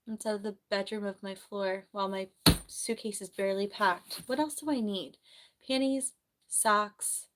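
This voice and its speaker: A young woman from New Jersey, a nurse, chatting casually on a livestream from her bedroom, rambling and reading viewer comments aloud, her voice slightly hoarse from the flu. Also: mid-range voice, normal speed. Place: bedroom at home.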